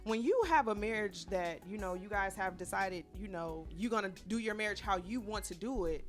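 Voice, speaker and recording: A young woman co-hosting a radio talk show, telling stories in an animated, chatty way. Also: mid-range voice, normal speed, soft background music. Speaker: podcast co-host. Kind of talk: casual radio chat.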